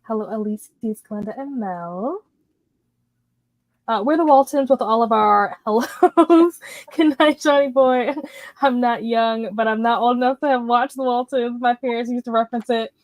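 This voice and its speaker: Higher-voiced woman hosting a livestream. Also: normal speed, no echo. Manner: greets chat viewers by name. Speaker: livestream host. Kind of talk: casual livestream chat.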